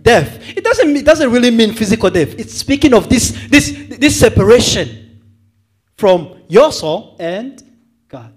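A man's voice: extremely high pitch, sing-song, unhurried, husky. A male evangelist preaching a sermon to a church, asking the congregation questions and repeating words as he thinks.

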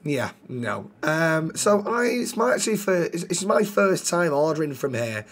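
A man's voice: a little high, big pitch swings, normal speed, a bit bright. A man role-playing a friendly, curious customer in a game, with a British accent and a habit of calling people love and mate.

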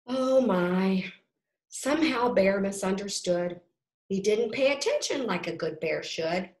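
A woman reading a rhyming picture book aloud to children, with gentle asides to her listeners. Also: medium pitch, expressive, a little slow. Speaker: storybook reader. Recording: roomy echo.

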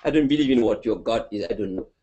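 A man's voice: medium pitch, fast talker, dark tone, lo-fi sound, voice pushed down, lightly acted. A male preacher voicing a stubborn grown man who refuses to believe, speaking bluntly.

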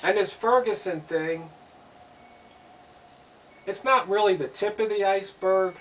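A male commentator with a high voice speaks at a measured pace, offering opinions through pointed rhetorical questions and repeated lines. The sound is distant-miked, with faint noise in the background.

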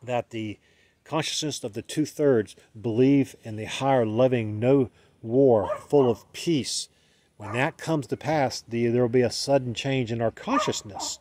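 A spiritual vlogger with a Southern US accent speaks at a measured pace in a medium-pitched, slightly mellow voice. His casual, rambling monologue keeps restarting itself as he self-corrects, with a light chuckle now and then. A little hiss or hum is audible.

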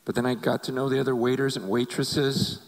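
A man's voice: mid-range voice, little pitch movement, fairly quick, low-quality recording. A middle-aged male pastor giving an earnest, confessional testimony that builds to emotional intensity. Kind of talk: personal testimony sermon.

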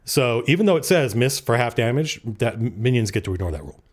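A man's voice: mid-range voice, sing-song, a little fast. A man narrating as game master at a tabletop game, casual and freely swearing as he works through the rules aloud.

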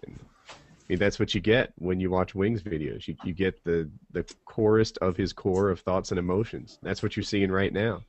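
A man's voice: low-pitched, steady tone, normal speed, no room sound, dull audio. A man co-hosting a live show, giving thoughtful commentary and often repeating words as he searches for them. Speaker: co-host.

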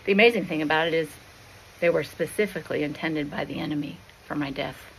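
A woman with a low voice tells a Christian allegory in a slow, expressive style and leans into every dramatic beat. A faint hiss of noise sits beneath her voice. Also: vocal fry, rough recording. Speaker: storyteller.

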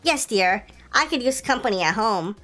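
A woman's voice: fairly high pitch, lively intonation, moderate pace, fairly bright tone, faint music behind. A woman voicing a kindly elderly grandma in a game, cooing and sweet.

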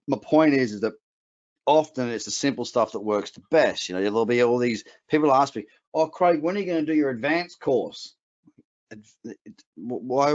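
In muffled, lo-fi webinar audio, a mid-range-voiced middle-aged man presents as a trading coach. His accent is Australian with a hint of English, and his motivational talk is emphatic and sprinkled with chatty asides.

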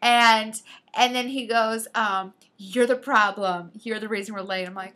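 A woman's voice: on the high side, a little slow. A woman co-hosting a casual podcast, telling a story and acting out the quoted lines in shifting voices. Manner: animated, acts out quotes with shifting voice. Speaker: podcast co-host.

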